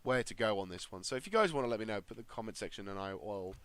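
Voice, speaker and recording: A man's voice: fairly low pitch, expressive, fast, fairly bright tone, clear, resonant tone, no room sound. A man casually commentating a strategy game, thinking aloud with lots of fillers and restarts. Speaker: gaming video creator.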